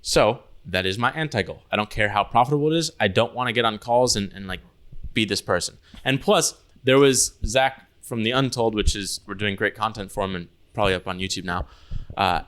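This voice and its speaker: A man's voice: lowish voice, fairly quick, fairly bright tone, clear, resonant tone. Loose, swearing young man telling stories. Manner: loose, swearing storyteller, heavy use of "like". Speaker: podcast co-host. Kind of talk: casual chat.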